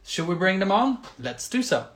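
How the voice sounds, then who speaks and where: A man's voice: sits high, very animated, normal speed, fairly bright tone. A man hosting a casual video-call interview, friendly and chatty with many fillers. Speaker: podcast host.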